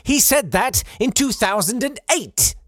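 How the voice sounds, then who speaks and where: Sarcastic man with a lively voice. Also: very high voice, measured pace, no room sound, studio quality. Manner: sarcastic, animated, mocking asides. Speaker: comedian. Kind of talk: satirical comic monologue.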